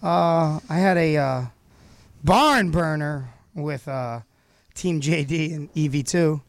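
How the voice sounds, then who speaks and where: Animated man telling stories. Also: a little high, takes it slowly, no echo, studio quality. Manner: animated storyteller, laughs often. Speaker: podcast co-host. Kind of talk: casual chat.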